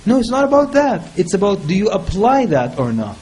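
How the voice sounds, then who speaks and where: A man speaking on a panel, giving advice in a lively, humorous way and mimicking people in quick quoted asides. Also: sits high, slight background noise, rough recording. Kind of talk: casual panel talk.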